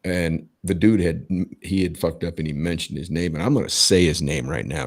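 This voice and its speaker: This is a middle-aged man with a very deep, gravelly voice that has a husky edge. He hosts a casual podcast and tells stories emphatically, swearing freely and often stumbling and restarting his sentences. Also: moderate pace, few pauses. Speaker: podcast host. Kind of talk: casual profane storytelling.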